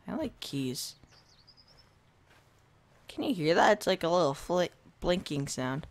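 Animated, jumpy let's-play gamer voice. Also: mid-range voice, a little slow, long pauses. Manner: chatty, jumpy reactions to scares; talks to the viewers and to himself while playing. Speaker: gaming video host. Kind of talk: casual let's-play commentary. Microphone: desk microphone.

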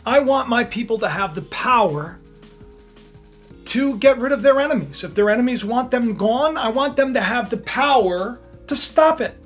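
A man's voice: extremely high pitch, lively intonation, moderate pace, a bit bright, soft background music, full character voice. A man voicing an earnest ancient queen making a request of a king in a retold Bible story. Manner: earnest, pleading. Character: pleading ancient queen, a woman.

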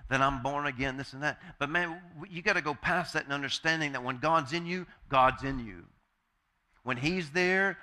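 A male pastor delivers a sermon in a fairly high, sharp and forceful voice. He hammers home key phrases by repeating them and throws questions out to the congregation for them to answer. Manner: addresses congregation directly with call-and-response questions.

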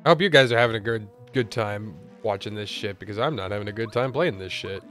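A man's voice: on the low side, fast, hardly any pauses, fairly bright tone, faint music behind. Profane, exasperated young man gaming. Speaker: let's play host. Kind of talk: gameplay commentary.

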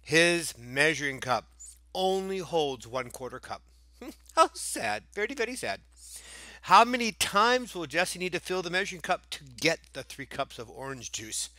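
A man walks through fraction word problems in a playful review lesson, cracking jokes and tossing in silly voices between the steps. His voice is bright and a little high for a man, and the sound is close and dry with no room echo. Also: sing-song, normal speed. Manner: goofy, jokey, breaks into silly voices and asides. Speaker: math teacher.

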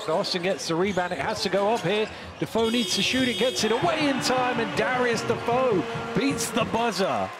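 A man doing play-by-play commentary on a basketball game, calling the action with quick excitement. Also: high voice. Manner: excited, fast calls of the action. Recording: loud arena noise behind.

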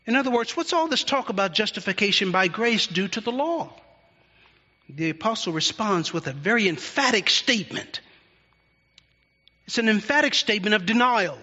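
A man in a church sanctuary preaches an expository sermon, his bright, fairly high voice drawing out each key word with deliberate emphasis. The sound is dull and lo-fi, with a long hall reverb trailing behind him. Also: animated. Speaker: pastor.

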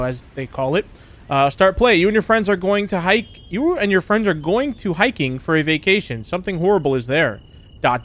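A man's voice: sits high, a bit bright. A man giving chatty let's-play commentary on a horror game, laughing often and yelping when startled. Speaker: gaming YouTuber.

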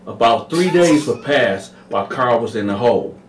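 A man's voice: mid-range voice, lively intonation, moderate pace, far from the mic, a little hiss or hum. A man telling a prison story in a casual, slangy way, talking to his listeners directly. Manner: slangy, addresses listeners as y'all. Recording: echoey room, away from the mic.

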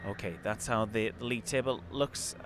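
A man's voice: on the low side, normal speed. A man presenting a post-match football show, reading out scores and fan questions in an easygoing way. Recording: faint outdoor traffic noise.

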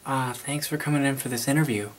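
A man in a comic character sketch plays a makeshift school reporter. His delivery is halting and awkward, with stops, fillers and apologies, at an ordinary middle pitch. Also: noisy background. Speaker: mock school newspaper reporter.

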